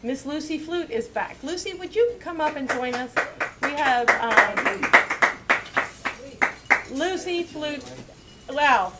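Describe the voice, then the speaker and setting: A woman's voice: high voice, animated, slow, pauses often, heavy background noise. A woman hosting a casual live stage show, rambling folksily with plenty of fillers. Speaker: show host and singer-songwriter.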